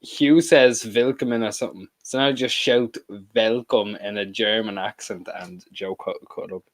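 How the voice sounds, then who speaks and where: A man's voice: lowish voice, normal speed, no echo. A young man with a Dublin accent co-hosting a football watch-along, rambling and swearing freely as he reminisces. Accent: Dublin Irish. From Dublin, Ireland. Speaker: co-host.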